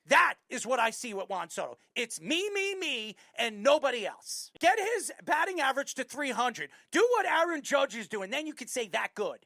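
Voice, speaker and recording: Woman, New York accent, sports talk host, blunt ranting commentary, gravelly. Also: high voice, no room sound, studio quality. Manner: blunt, ranting, loud bursts.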